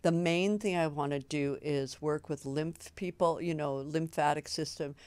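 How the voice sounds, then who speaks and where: Woman host, low-pitched, bubbly and gushing in casual interview chat, dry recording. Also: steady tone, measured pace, a little mellow, smooth, no echo. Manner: enthusiastic, effusive, laughs often. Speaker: talk show host.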